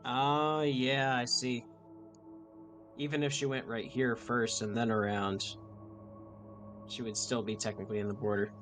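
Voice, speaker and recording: A man's voice: mid-range voice, little pitch movement, a little slow, long pauses, music in the background. A young man playing in a tabletop game, thinking aloud with many ums and restarts as he weighs his moves. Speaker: player. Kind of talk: casual chat at a tabletop game.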